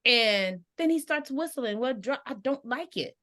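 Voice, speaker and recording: A woman's voice: sits high, expressive, unhurried, bright, forceful tone. A woman in casual conversation about grief, animatedly telling personal stories and acting out the voices of the people in them.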